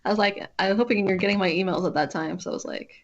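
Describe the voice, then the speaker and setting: A woman's voice: mid-range voice, fairly even intonation, very fast, dull audio. A woman streamer chatting casually with a friend while drawing, rambling and often breaking off to restart her sentences.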